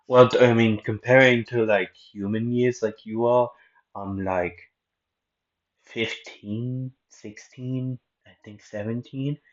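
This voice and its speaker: A bewildered warrior voiced by a man rambles in a heavy put-on foreign accent, pitched above the performer's low natural voice. He sounds puzzled about everything around him. The lo-fi recording gives it a dull, muffled edge. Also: steady tone, slow pace, close to an everyday voice. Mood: unsure.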